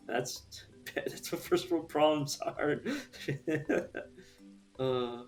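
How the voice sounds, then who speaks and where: A man's voice: on the high side, very slow, faint music behind. A young man chatting casually on a live stream, rambling through his opinions, swearing and laughing often.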